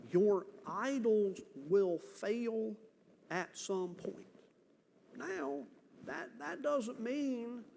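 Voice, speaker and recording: Emphatic preacher in a reverberant church. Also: male voice, on the high side, a little mellow, a little hiss or hum. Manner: earnest, emphatic preaching with dramatic pauses. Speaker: pastor. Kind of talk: sermon. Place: church sanctuary. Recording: church hall reverb, faint ambience.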